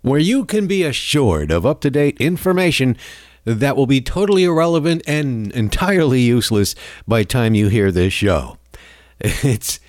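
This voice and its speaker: A male talk radio host delivering an opinionated monologue in a dry studio sound. His pitch is middling, and he rambles with sarcasm, stammering through restarts and chuckling as he goes. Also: sing-song, normal speed, a little mellow, dry recording.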